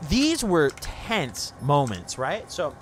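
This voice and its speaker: A man's voice: a little high, wildly swooping pitch, takes it slowly, slight background noise. A young man hosting a gaming channel, telling a profane, rambling story over gameplay and saying "dude" constantly. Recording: gunfire from gameplay behind voice. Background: game gunfire and vehicles.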